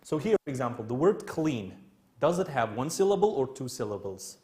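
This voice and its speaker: This native Kurdish speaker talks in a mid-range, slightly mellow voice with big swings in pitch, and his Kurdish accent is clear. Walking through English grammar one step at a time, he goes slowly, repeats himself, and keeps asking "okay?"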